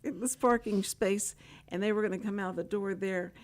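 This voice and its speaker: A woman's voice: medium pitch, fairly even intonation, moderate pace. Older woman, drawl, radio host, chatty storyteller, acts out the dialogue, mid-range voice. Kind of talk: casual chat with guests.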